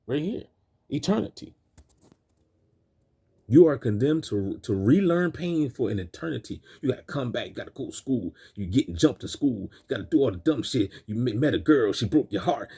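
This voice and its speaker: Over film clips, a man hosting a video preaches in street slang, circling the same points and restarting again and again. He has a mid-range voice that is darkish and husky.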